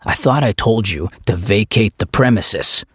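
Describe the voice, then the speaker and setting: A man's voice: on the low side, a little slow, husky, dry recording, studio quality. Man voicing a brash, hostile arena boss. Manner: aggressive, confrontational. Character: brash, boozy male arena manager.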